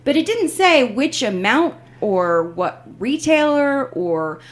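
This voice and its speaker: Woman host, casual chat, lively pitch, acts out the quoted lines. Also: slow. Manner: animated storyteller, acts out quoted phone reps. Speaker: podcast host.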